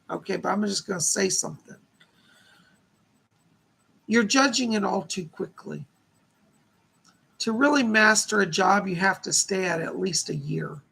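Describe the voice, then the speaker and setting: Male psychic host, very gravelly and husky, chatty, reads viewer questions and relays spirit messages. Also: sits high, pushed and bright. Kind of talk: live-stream psychic readings.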